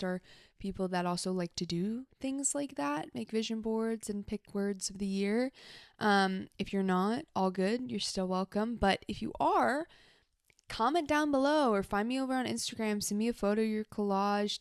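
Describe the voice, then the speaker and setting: A woman's voice: mid-range voice, smooth, dry recording, clean studio sound. A woman hosting her own podcast from her home office, a therapist chatting casually and rambling, slightly out of breath. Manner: chatty, rambling, self-talking asides. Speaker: podcast host and mental health therapist. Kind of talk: casual solo podcast chat.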